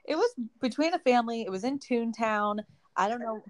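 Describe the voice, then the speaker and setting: A woman's voice: on the high side, lively intonation, a little fast, no room sound. A young woman co-hosting a podcast, chatting casually about a viral video and swearing freely. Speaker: podcast co-host.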